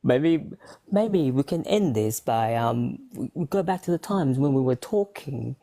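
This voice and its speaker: A woman's voice: rumbling low, animated, a little slow, mellow. A woman hosting a podcast in casual chat, playful and teasing, laughing often. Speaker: podcast host.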